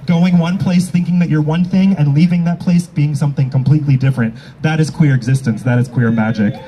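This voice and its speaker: A man's voice: fairly high pitch, fairly even intonation, a little fast, mellow, slight background noise, poor audio. A man hosting as a drag emcee at an outdoor rally, bantering with the audience in a brash, teasing and profane way. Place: outdoor public square at a rally. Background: faint crowd.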